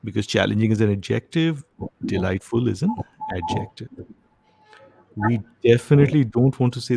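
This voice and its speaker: A man's voice: on the low side, normal speed, vocal fry, dark tone, breathy edge, no room sound. A man teaching a live online grammar lesson, often stopping to ask whether his students are following. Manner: frequent comprehension checks, asks "right?" often. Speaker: test-prep instructor.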